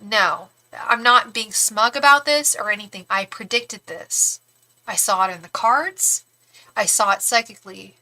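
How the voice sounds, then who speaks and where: A woman's voice: on the high side, moderate pace, pushed and bright. A woman giving a live-stream tarot reading, talking frankly and chattily, with lots of fillers and some swearing. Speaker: tarot reader and psychic.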